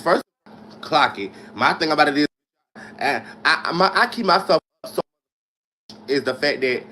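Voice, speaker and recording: A man chatting on a livestream, speaking in an animated, emphatic and defensive way. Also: mid-range voice, slight background noise. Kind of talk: livestream chat.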